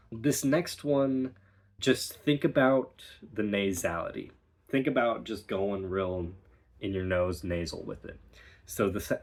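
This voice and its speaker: A man teaching an accent lesson as a dialect coach, calmly modeling vowel and R sounds one word at a time. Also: lowish voice, a little slow, slightly rough. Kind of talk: accent lesson with spoken demonstrations.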